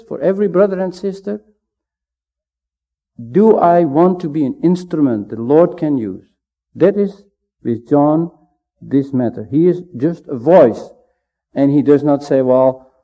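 A man giving a measured, emphatic Bible teaching sermon, pausing often to stress his points. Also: fairly high pitch, mellow. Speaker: preacher. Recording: dull lo-fi sound.

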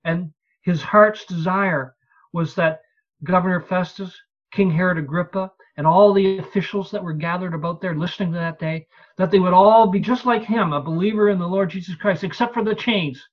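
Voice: mid-range voice, moderate pace. A preacher giving an expository evening sermon in a conversational way, reading scripture aloud and asking the listeners rhetorical questions. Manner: reads and explains scripture aloud. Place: evening church service. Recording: slightly dull lo-fi recording.

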